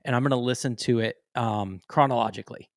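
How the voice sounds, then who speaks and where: A man's voice: medium pitch, quick pace, dry recording, studio quality. A man hosting a podcast, asking questions in an eager, enthusiastic, loose way. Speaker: podcast host. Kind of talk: casual interview chat.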